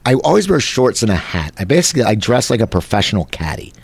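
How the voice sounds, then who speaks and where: Rambling, animated man hosting a chat show. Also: fairly low pitch, fast talker, vocal fry, slightly rough, dry recording. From New Jersey. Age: 40s. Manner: rambling, animated storytelling with many restarts. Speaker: host. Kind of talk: casual talk-show chat.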